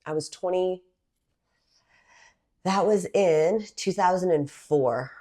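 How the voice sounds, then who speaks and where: Lively New woman telling stories. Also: on the low side, slow. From Massachusetts, US. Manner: lively storyteller, animated. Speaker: guest, personal trainer. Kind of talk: casual interview talk.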